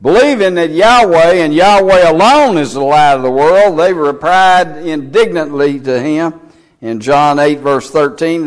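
A man preaching a sermon, reading scripture in old King James wording with slow, deliberate emphasis. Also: on the high side. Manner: reads scripture aloud in King James English.

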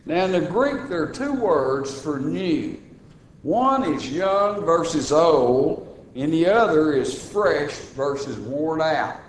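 A man's voice: big pitch swings, slow, a little hiss or hum. Folksy preaching man in echoey church. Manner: folksy preaching, swings from low asides to raised emphatic lines. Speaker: minister. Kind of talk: sermon.

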